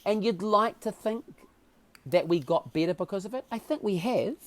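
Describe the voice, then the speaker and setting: A man with a New Zealand accent, a podcast guest telling stories in a casual interview with animated, emotional delivery. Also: sits high, normal speed.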